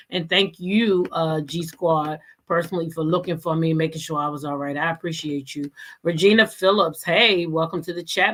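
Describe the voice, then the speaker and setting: A chatty woman hosts a livestream, greeting viewers in casual conversation. Her voice is fairly low with a fairly bright tone, and as the channel host she laughs often and draws out her greetings.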